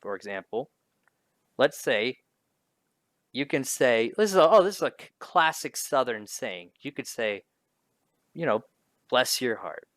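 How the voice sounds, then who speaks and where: A man's voice: mid-range voice, big pitch swings, a little slow, pauses often, fairly bright tone, dry recording. A male teacher giving a casual spoken lesson, talking his students through questions in a conversational way.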